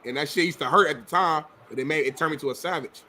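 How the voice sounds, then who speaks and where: A man's voice: fairly high pitch, fast talker, bright, forceful tone, slight background noise. A man co-hosting a sports talk show, joking and teasing in casual chat. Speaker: show co-host.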